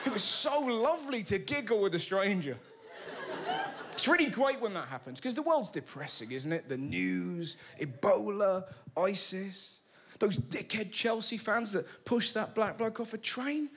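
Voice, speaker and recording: A man's voice: sits high, unhurried. A man doing a stand-up comedy routine, telling stories and acting out other people's voices. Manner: animated storytelling, acting out voices. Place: comedy venue before a live audience. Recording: live show with loud crowd laughter.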